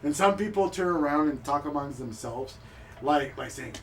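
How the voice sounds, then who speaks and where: Animated man running a tabletop game. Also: fairly high pitch, moderate pace. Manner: animated, profane storytelling with frequent laughter. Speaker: game master. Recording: distant mic with background noise.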